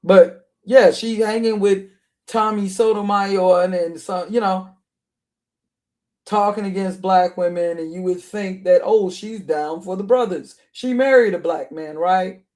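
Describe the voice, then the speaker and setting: A man with a notably high-pitched voice delivers reaction commentary. He talks in heated, repetitive bursts, doubling back on his points with outraged asides. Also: unhurried, a little mellow. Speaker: online commentator.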